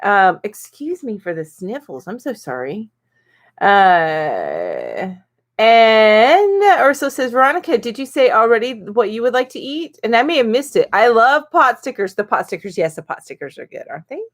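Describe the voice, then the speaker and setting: A woman's voice: a little high, very animated, normal speed. A middle-aged woman hosting a casual live-stream chat, reading viewer comments aloud and chatting about them with lots of ums and little laughs.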